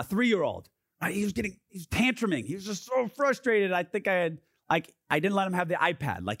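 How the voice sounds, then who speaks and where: A man in his thirties preaching as a youth pastor, casual and lively with lots of fillers, going soft and quiet when he reads scripture. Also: on the high side, no room sound, clean studio sound. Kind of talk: sermon. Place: youth gathering.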